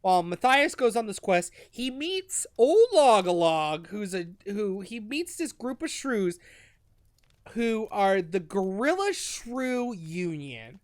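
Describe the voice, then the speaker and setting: A man's voice: high-pitched, sing-song, slow pace, dry recording. A man co-hosting a podcast, retelling a book in a rambling, casual way, swearing freely and restarting his sentences. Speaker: podcast co-host. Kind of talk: casual book recap chat.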